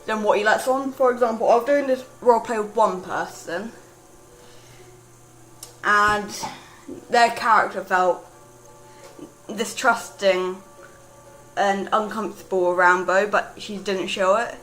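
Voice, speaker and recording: A woman's voice: mid-range voice, steady tone, unhurried, long pauses, fairly bright tone, a little hiss or hum, poor audio. A young woman with a British accent, rambling casually about a character she writes, with lots of fillers and restarts. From Britain. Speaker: writer discussing her character.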